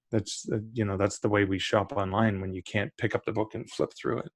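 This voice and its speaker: A man's voice: on the low side, flat delivery, a little fast, few pauses, dry recording. A middle-aged man, a guest on a podcast, talking casually and eagerly about publishing, often restarting his sentences. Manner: enthusiastic, restarts mid-sentence.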